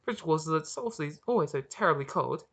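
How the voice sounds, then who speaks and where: A reader voicing a spirited, sarcastic high-born young British lady with a shrill voice, in an audiobook of their own story. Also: animated, fast talker, gravelly, fairly bright tone. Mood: teasing. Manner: playful, sarcastic.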